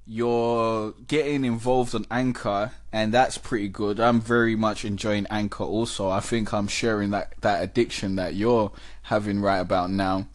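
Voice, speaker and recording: A man hosting a casual podcast, riffing out loud in a chatty, animated way. He laughs easily between his points. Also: lowish voice, normal speed, hardly any pauses. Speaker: podcast host.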